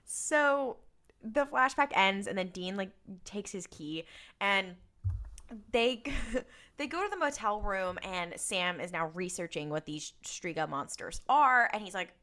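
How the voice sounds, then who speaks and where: Animated woman co-hosting a podcast. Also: medium pitch, measured pace. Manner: animated storytelling, acts out characters' lines, laughs often. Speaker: podcast co-host. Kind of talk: casual recap chat.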